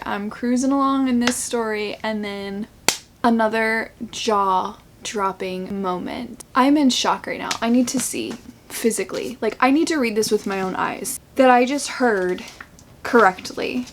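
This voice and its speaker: A woman chatting casually at home in a reading vlog, excitable and gushing, laughing often between thoughts. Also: a little high, a little hiss or hum. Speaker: book vlogger.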